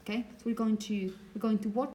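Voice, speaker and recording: A woman teacher giving a relaxed, hesitant lecture with frequent check-ins, whose first language is Spanish. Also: fairly high pitch, quick pace, rough recording. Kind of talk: recorded lecture.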